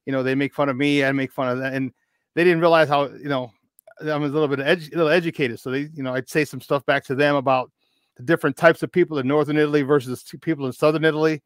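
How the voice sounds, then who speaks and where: A man in his fifties, a podcast guest, telling a long casual story in an animated, rambling way with many restarts. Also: on the high side, fast, dry recording, clean studio sound. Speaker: podcast guest, football expert.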